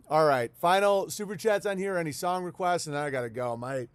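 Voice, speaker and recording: A man's voice: a little high, moderate pace, smooth, no room sound. Stuffy-nosed man hosting a livestream. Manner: joking, rambling, reads messages in a raised, punchy voice. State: stuffy, congested nose. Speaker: livestream host. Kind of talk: casual livestream chat reading viewer messages.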